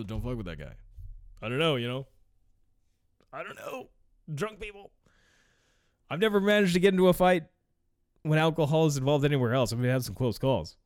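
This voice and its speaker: A man's voice: on the high side, no room sound, studio quality. A young man casually reading an article aloud and breaking off into rambling, profane asides with frequent laughter.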